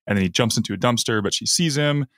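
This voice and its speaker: A man co-hosting a podcast, briskly retelling an episode's plot in run-on casual chat. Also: mid-range voice, a bit bright, no room sound, clean studio sound. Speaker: podcast co-host.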